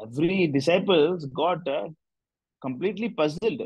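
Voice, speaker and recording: A man's voice: high voice, fairly quick, darkish tone, breathy edge, dry recording, muffled recording. A man, a spiritual teacher leading a discussion group, telling a devotional story in a loose, rambling way with many "you know" fillers.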